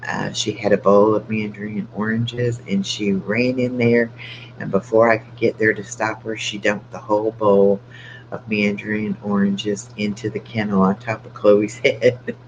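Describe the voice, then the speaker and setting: A man's voice: lowish voice, level tone, measured pace. An older man chatting casually on a late-night live stream with his dog, keeping his voice down so he won't wake the house. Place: home at night. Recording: dull lo-fi with faint hum.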